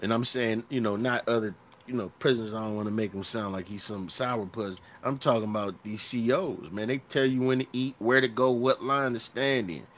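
A man's voice: mid-range voice, fairly even intonation, fairly quick, hardly any pauses, a bit bright, slight background noise. A middle-aged man co-hosting a podcast in casual chat, profane and storytelling, often acting out quotes. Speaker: podcast co-host.

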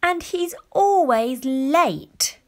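A patient, busy mother from a picture book, voiced by a woman reading to children. She asks sweetly in a raised, lively voice. Each line comes slowly and gently. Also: high-pitched, voice pushed up, heavily acted. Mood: coaxing.

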